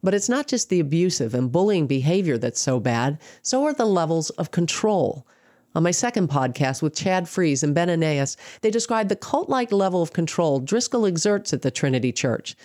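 A woman hosting a podcast, interviewing a guest and narrating summaries in a measured way. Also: lowish voice, big pitch swings, dark tone.

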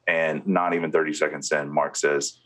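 A former head of security, a man, is being interviewed and tells a long story about meetings. His voice is very deep and a bit bright, with little pitch movement and a normal speed. He retells conversations as quoted speech, full of fillers and restarts.

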